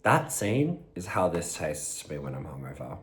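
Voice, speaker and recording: Playful deep-voiced man chatting between bites. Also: sing-song, moderate pace, a little hiss or hum. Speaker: vlogger eating on camera. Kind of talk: casual mukbang chat to viewers.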